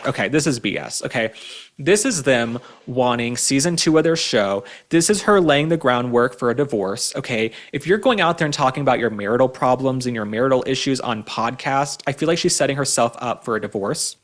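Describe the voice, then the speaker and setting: A man in the middle range of pitch hosts a pop culture commentary show. He gives his opinions emphatically and keeps driving his points home with "okay?". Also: lively intonation, a little fast. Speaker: host.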